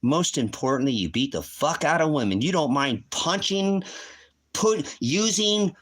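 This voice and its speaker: A man's voice: on the high side, animated, measured pace, fairly bright tone. A man hosting a livestream, ranting in a heated, profane, accusing way. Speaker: livestream host. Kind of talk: angry livestream rant.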